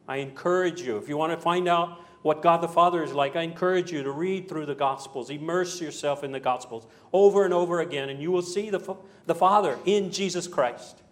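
Male preacher, a touch high in pitch, dramatic sermon storyteller who moves from emphatic to quiet. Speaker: pastor.

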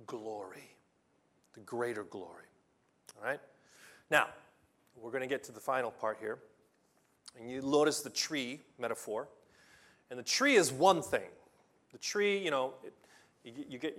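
Slow, impassioned preacher man. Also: mid-range voice. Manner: impassioned, rising to loud emphatic reading of scripture; restarts and stumbles when excited. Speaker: pastor. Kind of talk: sermon.

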